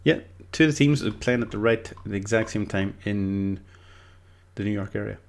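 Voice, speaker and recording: An Irish man with a creaky voice on the low side talks through football predictions at normal speed in casual solo commentary. He is rambling and hesitant, with lots of fillers, false starts and restarts.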